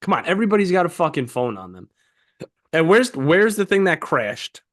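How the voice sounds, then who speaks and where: Give me an animated young man on a podcast, a bit high-pitched, arguing hard. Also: moderate pace. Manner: emphatic, profane, animated storytelling. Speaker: podcast co-host. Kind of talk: casual chat.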